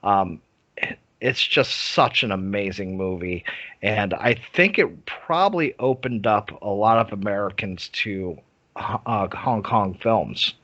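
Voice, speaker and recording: A podcast co-host with a lowish, expressive, slightly bright voice talks about films at a measured pace in a casual review chat. He's enthusiastic and a bit profane, hesitating and restarting often. The recording sounds dull and lo-fi.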